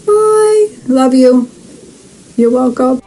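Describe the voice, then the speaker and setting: A woman's voice: medium pitch, moderate pace, warm tone, soft background music, rough recording. Chatty woman hosting a live reading. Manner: chatty, swears, speaks to viewers by name. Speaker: psychic medium host.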